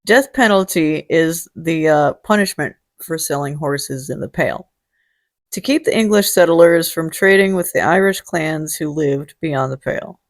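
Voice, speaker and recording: A woman hosting a casual vlog, talking in a jokey, salty way and swearing freely. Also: low voice. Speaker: host. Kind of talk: casual chat.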